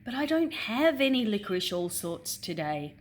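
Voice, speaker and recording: A woman voicing a kind, gentle woman named Bella in a children's storybook reading, with a soft, friendly, reassuring manner. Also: mid-range voice, very animated, normal speed, slight background noise, natural voice. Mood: kindly.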